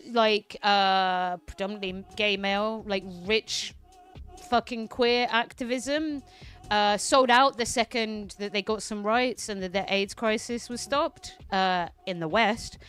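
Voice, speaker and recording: A woman's voice: medium pitch, a bit bright, clear, resonant tone. Fiery, foul-mouthed woman streamer. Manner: profane, heated, ranting. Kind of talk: casual political commentary stream.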